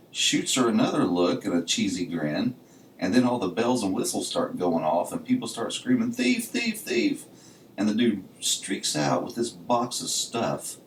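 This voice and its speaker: Deep-voiced, a man co-hosting a podcast chats casually and tells stories, constantly peppering his speech with "you know." The sound comes from a distant mic in an echoey room and carries a little hiss or hum.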